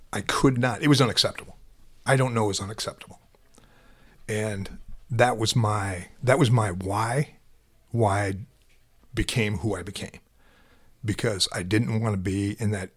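Guy, lowish breathy voice, stops and restarts a lot telling a sad story. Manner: halting, repeats words, quiet and heavy then louder when animated. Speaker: interview guest, law enforcement officer. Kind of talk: emotional personal storytelling.

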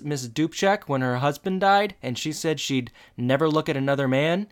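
A man's voice: mid-range voice, moderate pace, a bit bright, clear, resonant tone. Man recapping an episode with playful asides. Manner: playful, acts out characters' lines. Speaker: podcast co-host. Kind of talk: casual chat recapping a TV episode.

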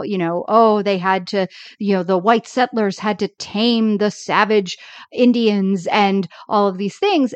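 A woman co-hosts a casual chat about old TV episodes, and she jumps into quoted lines with lively, acted-out voices. Her voice sounds dry and close, with a slightly dull, muffled tone. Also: medium pitch, dry recording. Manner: animated, acts out characters' lines when quoting. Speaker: podcast co-host.

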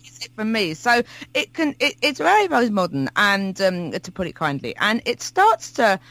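A man's voice: high voice, huge pitch swings, moderate pace, bright, forceful tone, no room sound, rough recording. A man co-hosting a podcast, telling a wry story about music in a chatty way, with frequent restarts. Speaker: podcast co-host. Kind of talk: casual chat about music.

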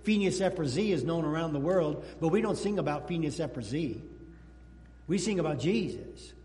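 A male pastor preaching a sermon, telling a story in an animated way and calling out to the children in the congregation. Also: fairly high pitch, moderate pace. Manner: animated storytelling, talks to the kids in the room. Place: church sanctuary. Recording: long hall reverb in a church.

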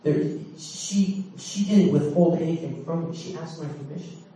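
Man preaching a story, mellow voice, echoey church hall, mic set far off. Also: fairly high pitch, moderate pace. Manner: candid, storytelling, with laughs and dramatic swings. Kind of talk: sermon with personal story.

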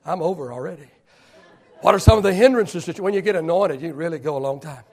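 An older man, a pastor, preaching a sermon that swings from quiet storytelling to loud shouting. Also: a little high, expressive, quick pace.

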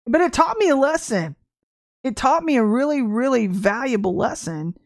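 Brief: middle-aged woman minister, bright higher voice, close dry mic, chatty testimony preaching. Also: moderate pace, dry recording. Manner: animated storytelling with laughs and acted quotes. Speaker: livestream minister. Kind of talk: informal testimony sermon.

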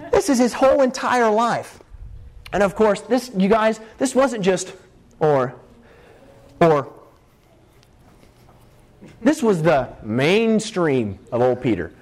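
A man preaching a humorous sermon, retelling Bible stories and acting out the characters in quick playful voices. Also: sits high, expressive.

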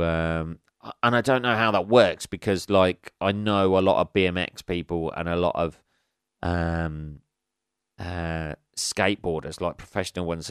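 A man hosting his own podcast, rambling on in a loose, sweary monologue full of chuckles and filler words. His voice is fairly low, smooth and resonant. The sound is close-miked and dry, with no room echo. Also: fairly bright tone. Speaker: podcast host. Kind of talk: casual monologue.

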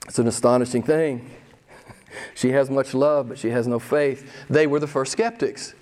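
A man preaching a sermon as pastor, emphatic and pressing questions on his listeners, with sudden excited rises. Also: mid-range voice, moderate pace. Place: church.

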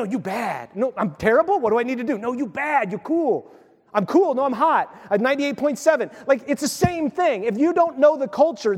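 A man delivers a sermon with animated, chatty energy, dropping into playful asides. His voice sits fairly high for a man. The long reverb of a large church hall trails after every phrase. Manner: animated, conversational preaching with playful acted asides. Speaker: pastor.

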